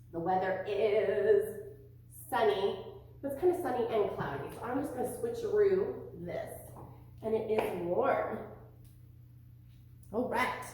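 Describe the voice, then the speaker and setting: A woman teaching an online preschool lesson, encouraging and animated, with a sing-song delivery, in a very echoey room away from the mic. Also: medium pitch, recorded from a distance, a little hiss or hum.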